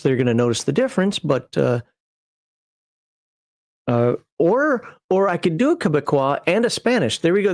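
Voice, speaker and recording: A man's voice: fairly high pitch, a little mellow, dry recording, studio quality. A man hosting a casual livestream as a game master, talking in a rambling, digressive way and chuckling at himself as he builds a character. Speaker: game master and channel host.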